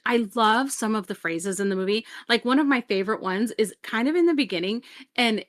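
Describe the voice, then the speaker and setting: A woman's voice: a little high, animated, brisk. A woman co-hosting a podcast, chatting casually about a movie, laughing often and acting out lines she quotes. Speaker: podcast co-host.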